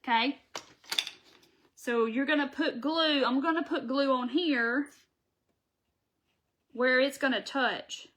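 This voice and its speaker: A woman's voice: high voice, takes it slowly, pauses often, fairly bright tone. A woman hosting a live craft tutorial, chatting folksily with viewers as she works. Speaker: craft channel host.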